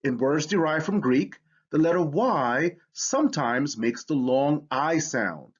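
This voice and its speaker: Lively, enthusiastic male teacher. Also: on the high side, slow, husky, dull audio. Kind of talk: educational lesson.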